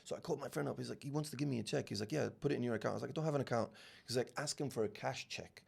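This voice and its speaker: Speaking rapid-fire at medium pitch, a husky, gravelly man in his forties, raised in the UAE, tells a long, animated anecdote as a guest on a podcast. The real estate founder voices each character in this storytelling interview and often repeats words when he starts sentences over.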